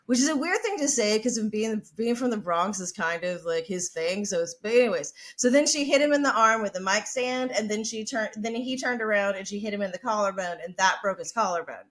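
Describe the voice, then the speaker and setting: A woman's voice: medium pitch, animated, fairly quick, few pauses, a bit bright. A woman podcast host telling a story in a brash, chatty, profane way. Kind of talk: casual storytelling.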